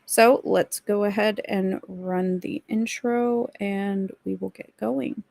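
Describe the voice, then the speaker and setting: Woman livestream host, gravelly voice, dry close sound, chatty and snarky with the chat. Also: medium pitch, steady tone, takes it slowly, darkish tone, dry recording. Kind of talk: casual livestream chat reading viewer comments.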